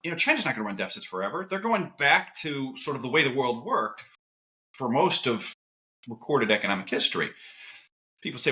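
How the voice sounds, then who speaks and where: A man who is a podcast guest, talking casually and telling stories with quick asides. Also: mid-range voice. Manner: animated, lively storytelling with quick asides.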